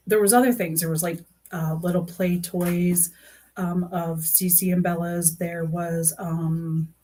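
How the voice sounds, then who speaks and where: A woman's voice: on the low side, warm tone. A woman chatting on a live stream about true crime, rambling with lots of fillers and restarts, earnest and emotionally invested. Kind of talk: casual live-stream chat.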